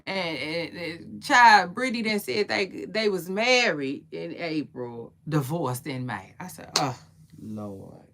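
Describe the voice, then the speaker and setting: Woman, live-stream gossip, unhurried delivery, lively swinging pitch. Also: background noise. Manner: animated, playful, frequent "child" and quick laughs.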